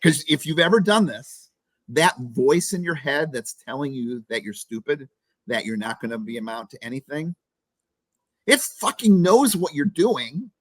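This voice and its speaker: A man's voice: on the high side, animated, moderate pace, no room sound. A man guesting on a podcast, talking bluntly and with plenty of swearing, and acting out the voice in someone's head. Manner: blunt and profane, acting out the inner critic's voice. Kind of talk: casual interview talk.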